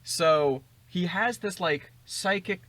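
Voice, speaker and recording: Bright-voiced man recapping a film. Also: high voice, slow, no room sound. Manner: rambling, jokey retelling with acted quotes. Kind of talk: casual chat, recapping a film.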